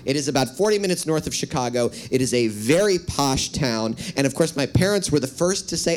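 A man's voice: mid-range voice, lively intonation, brisk, hardly any pauses, darkish tone, soft background music. A man from the Midwest, an author, telling a self-deprecating personal story with wry asides.

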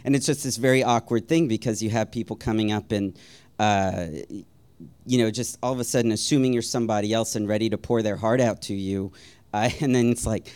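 A man telling a personal story in a wry, self-deprecating way, rambling a little with ums and uhs and soft chuckles. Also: on the low side, fairly even intonation, brisk, smooth.

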